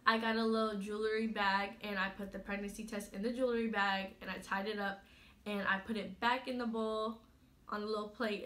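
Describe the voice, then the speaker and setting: A woman's voice: mid-range voice, fairly bright tone. A girl in her late teens telling her own story to camera in a chatty way, full of "you know" and fillers. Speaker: vlogger.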